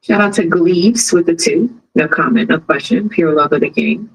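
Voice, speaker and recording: A woman's voice: lowish voice, normal speed, a little hiss or hum, poor audio. A woman hosting a casual live stream. She chats with viewers and tells stories, acting out the people she quotes. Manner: chatty, animated storyteller who acts out quotes. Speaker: live stream host covering a trial.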